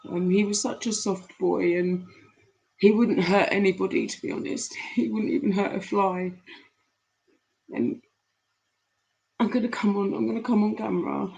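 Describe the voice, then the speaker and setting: A grieving, tearful woman chatting with viewers on a live stream from home, halting with many pauses and fillers, on a laptop mic. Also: medium pitch, fairly even intonation, creaky, darkish tone, poor audio.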